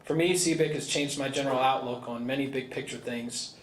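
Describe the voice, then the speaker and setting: At a gala in a spacious indoor banquet hall, the board chairman moves briskly through a sincere prepared podium speech. His medium-pitched voice keeps a fairly even intonation. Faint room ambience and a little hiss or hum are audible.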